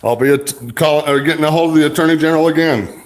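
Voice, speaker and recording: Upset man, halting and agitated. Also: on the high side. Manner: agitated, halting, many restarts. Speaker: records requester livestreaming. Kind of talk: confrontational livestream. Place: in a car while driving.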